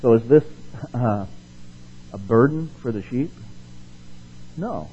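A man explains a Bible passage in a middle-pitched, easygoing voice and keeps asking his listeners questions. He slows down and gets louder whenever he reads the verses. The recording sounds slightly muffled and lo-fi. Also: expressive, slightly rough. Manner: conversational, asks the audience questions and checks in with "okay" and "right"; slows down and rises in force to stress the scripture he reads. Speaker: preacher. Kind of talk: casual Bible teaching.

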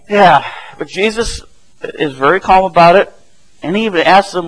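Male preacher, fairly high voice, casual sermon, keeps asking "right?". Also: moderate pace, faint music behind, low-quality recording. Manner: conversational, chuckling, asks "right?" often.

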